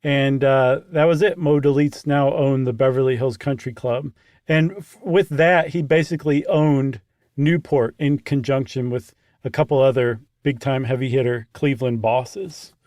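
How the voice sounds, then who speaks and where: A man co-hosting a podcast in casual chat, animated and laughing often. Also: mid-range voice, normal speed, no echo, studio quality. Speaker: podcast co-host.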